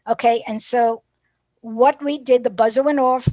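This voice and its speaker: A woman's voice: a little high, moderate pace, no echo. A woman teacher trainer giving a professional development talk, telling classroom stories and acting out the dialogue. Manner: lively storyteller who acts out classroom dialogue.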